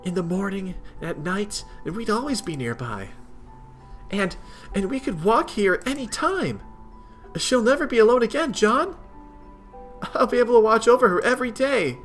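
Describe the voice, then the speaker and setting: A gentle, eager young wife in a story game, as a man reads her in a raised voice. The lines are soft and earnest, lifted well above the reader's own pitch, bright in tone. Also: expressive, moderate pace, soft background music. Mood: hopeful.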